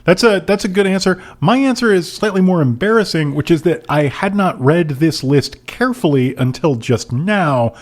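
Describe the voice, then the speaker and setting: A man's voice: a little high, animated, normal speed, hardly any pauses. A man co-hosting a podcast in casual chat, joking, swearing and laughing as he talks. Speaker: podcast co-host.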